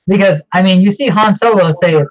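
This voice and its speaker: A man's voice: sits high, brisk. A man co-hosting a casual podcast chat, rambling and swearing freely, laughing often as he talks. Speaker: podcast co-host. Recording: dull lo-fi audio.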